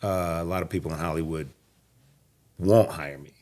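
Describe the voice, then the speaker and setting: A man's voice: low voice, normal speed, darkish tone. A man in his fifties from Nebraska, a guest actor telling stories in a casual interview, emphatic and laid-back. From Nebraska, USA.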